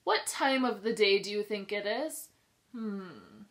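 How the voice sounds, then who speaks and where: Female preschool teacher for a picture-book read-aloud; slow, sing-song, bright and lively with the kids. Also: mid-range voice. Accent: New York. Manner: slow, sing-song, expressive reading with questions to children. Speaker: pre-K teacher reading aloud. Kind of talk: children's storybook read-aloud.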